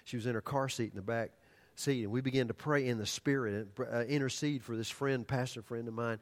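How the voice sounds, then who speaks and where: An older man preaching a sermon, telling stories animatedly and then dropping to hushed, earnest tones. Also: medium pitch, steady tone, fairly quick. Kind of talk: sermon storytelling.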